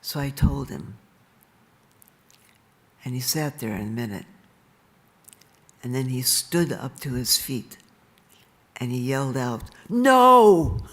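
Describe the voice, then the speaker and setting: An older woman speaking at a live event, telling stories about her life in an unhurried way and laughing softly now and then. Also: very deep voice, fairly even intonation. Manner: slow and unhurried, with soft laughs. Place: stage in a large venue.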